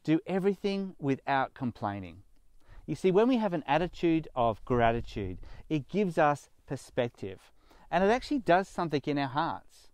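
A man's voice: on the high side, very animated, normal speed, a little mellow, clean tone, no room sound. A man giving a sermon, speaking earnestly and pushing up on his key words. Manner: earnest, emphatic preaching with rising stresses. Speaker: pastor.

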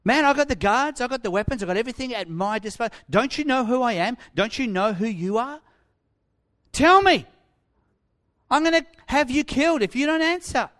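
A man voicing a domineering male Roman governor who shouts threats and boasts of his power. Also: extremely high pitch, expressive, moderate pace, voice pushed up. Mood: angry, domineering.

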